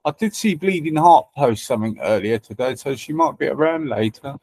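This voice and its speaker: A man's voice: medium pitch, expressive, fairly quick, a little mellow, a little hiss or hum. A man hosting a livestream, chatting casually and teasing viewers with banter and swearing. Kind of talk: casual chat.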